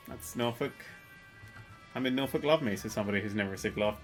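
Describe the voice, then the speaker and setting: Male streamer: jokey, swears a lot, plays with silly accents, yelps loudly when startled. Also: lowish voice, fast, long pauses, faint music behind. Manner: loud excited yelps. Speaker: streamer playing a prison game. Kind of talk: casual livestream commentary.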